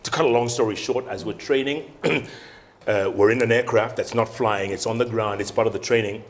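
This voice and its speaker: A man's voice: fairly low pitch, moderate pace. A man in his late fifties, telling his story in an interview and acting out the voices of other people in it. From Kenya. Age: late 50s. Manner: animated storyteller acting out dialogue. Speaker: guest news anchor.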